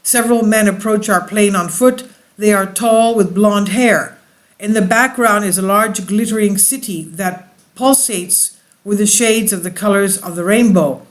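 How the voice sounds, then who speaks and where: A man's voice: sits high, measured pace. A man reading a diary aloud with slips and restarts, stopping often to explain it to his listeners. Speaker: channel host reading and commenting.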